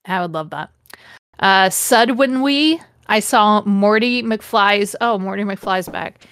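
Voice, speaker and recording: A woman's voice: mid-range voice, takes it slowly, fairly bright tone, clean tone, no echo, clean studio sound. A woman podcast host giving a comedic reading, breaking off with sarcastic, profane jabs at the text. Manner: sarcastic, swears freely, mocks the text. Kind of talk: comedic dramatic reading with commentary.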